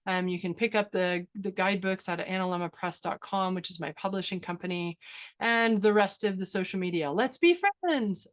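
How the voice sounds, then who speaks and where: An upbeat woman photographer leads a webinar over a video call, mid-pitched and chatty. She tells stories with animated enthusiasm, sprinkling in fillers and laughs. Her voice sits right in the middle of the usual female range. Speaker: photographer and workshop instructor. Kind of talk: webinar presentation and Q&A.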